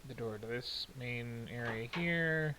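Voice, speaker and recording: A man's voice: medium pitch, slow, background noise. A man giving rambling, wry and self-deprecating commentary while streaming a video game. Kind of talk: casual gameplay commentary. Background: game music.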